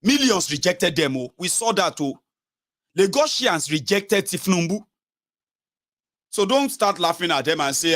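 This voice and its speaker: Nigerian guy ranting about politics, mixes pidgin in, does voices of people, kinda high voice. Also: lively intonation, normal speed, a bit bright. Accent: Nigerian English with Pidgin and Yoruba. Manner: mimics callers in high voices, switches between English, Pidgin and Yoruba. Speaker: political commentator, channel host. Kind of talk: animated political monologue.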